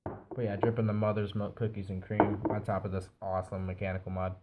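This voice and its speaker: This male reviewer sounds congested from a cold, his lowish, nasal voice moving briskly as he builds a device and talks it through in a laid-back way. The audio is narrow, tinny and very noisy.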